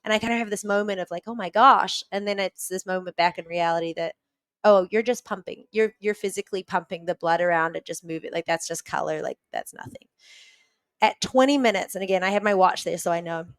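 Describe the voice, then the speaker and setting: A woman's voice: fairly low pitch, fairly quick, no echo. A woman guest on a podcast vividly retelling a story, with lots of "like" fillers. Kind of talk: conversational storytelling.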